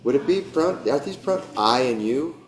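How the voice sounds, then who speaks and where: A man's voice: mid-range voice, animated, moderate pace. A man leading a yoga teacher training class, chatty and joking, encouraging his students. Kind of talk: casual class talk. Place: warm studio room with a group. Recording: echoey room.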